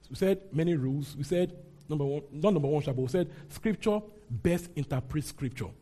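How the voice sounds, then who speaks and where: Man preaching a Bible lesson, husky and mellow tone, animated delivery. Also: fairly high pitch, fairly quick. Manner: animated, rising into mock outrage when voicing characters. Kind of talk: Bible teaching.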